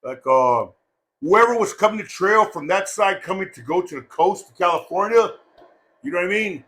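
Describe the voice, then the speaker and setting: A man giving a rambling, joking eulogy at a memorial gathering, loud and full of swearing. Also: high voice, expressive, moderate pace. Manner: profane, loud and jokey, breaks into laughter.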